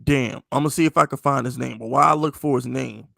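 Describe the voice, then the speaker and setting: A man's voice: mid-range voice, quick pace, creaky, fairly bright tone, no echo. A man co-hosting a sports podcast in casual chat, blunt, profane and opinionated. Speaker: podcast co-host.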